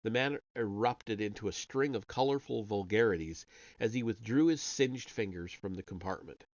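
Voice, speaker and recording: A man's voice: lowish voice, normal speed, darkish tone, no echo. A man reading a story aloud on a live stream, voicing the characters only lightly and sometimes stumbling and correcting himself. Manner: reads character dialogue with only light voicing, occasional slips and restarts. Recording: dull, lo-fi home mic.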